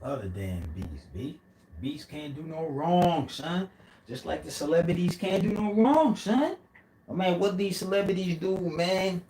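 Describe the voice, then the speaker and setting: A man's voice: high voice, animated, unhurried, warm tone, a little hiss or hum. A man vlogging a rambling, profane conspiracy rant full of street slang.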